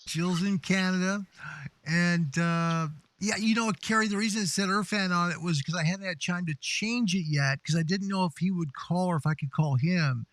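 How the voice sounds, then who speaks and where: A man's voice: high-pitched, moderate pace, fairly bright tone, no echo. A man hosting a live stream who chats casually and upbeat, reading viewer comments aloud. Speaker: host of a live stream show.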